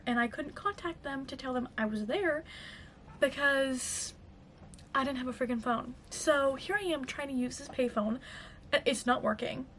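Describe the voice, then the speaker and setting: A woman's voice: high voice, fairly bright tone, a little hiss or hum. A young woman telling a casual storytime to her vlog audience, chatty and full of fillers. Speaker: vlogger.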